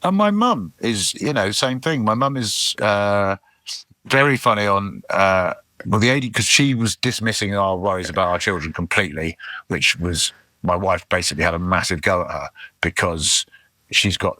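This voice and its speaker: A man's voice: deep voice, normal speed, sharp tone, dry recording. A middle-aged man, a comedian guesting on a podcast, telling rambling anecdotes with lots of restarts and acted-out asides. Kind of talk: casual chat, anecdotal storytelling.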